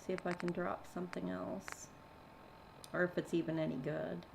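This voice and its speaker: Low-voiced Canadian woman streaming a game. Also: level tone, normal speed, gravelly, background noise. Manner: chatty, reads viewer chat aloud. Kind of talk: casual chat while gaming. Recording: loud game sound behind voice.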